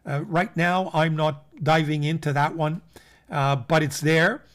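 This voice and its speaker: A man hosting a weekly pen roundup, his voice sitting a little higher than most men's. He rambles casually, stumbling over restarts and filling pauses with ums and uhs, and he talks straight to the viewers as folks. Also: fairly even intonation. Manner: rambling, many fillers and restarts. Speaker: fountain pen channel host.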